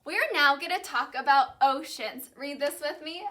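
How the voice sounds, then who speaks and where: A woman teacher leading a call-and-repeat classroom lesson, saying each vocabulary word slowly and clearly and then repeating it. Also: high-pitched, sharp tone. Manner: slow, clearly enunciated drilling of vocabulary.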